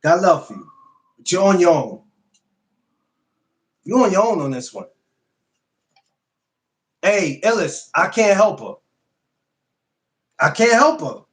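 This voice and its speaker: A man's voice: sits high, slow pace, long pauses. A man hosting a casual podcast livestream, talking bluntly and profanely and repeating himself a lot. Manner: repetitive, blunt, profane, animated. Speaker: podcast host.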